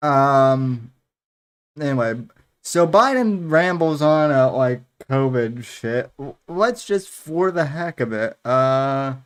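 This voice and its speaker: A man's voice: mid-range voice, lively intonation, takes it slowly, clear, resonant tone. A man co-hosting a comedy podcast who stammers and giggles through his remarks. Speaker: podcast co-host. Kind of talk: casual comedy podcast chat.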